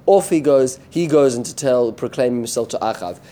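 A man giving an informal Bible lesson, retelling the story with lively commentary, often restarting his sentences and mixing in Hebrew verses. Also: mid-range voice, normal speed. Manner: animated storytelling with frequent restarts; mixes Hebrew terms and verses into English. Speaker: Bible teacher.

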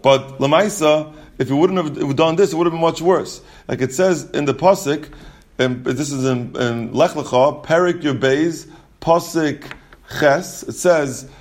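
A man's voice: fairly high pitch, normal speed. Man teaching a Talmud lesson. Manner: reads text in singsong then explains in plain English, many restarts. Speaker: Torah teacher. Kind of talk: Talmud lesson, translating Hebrew and Aramaic text.

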